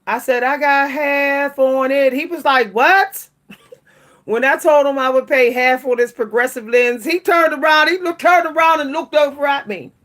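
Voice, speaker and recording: Chatty older woman, higher voice. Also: fairly quick, few pauses, fairly bright tone. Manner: chatty, laughs often, frequent restarts. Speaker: vlogger and writer. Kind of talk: casual chat to camera.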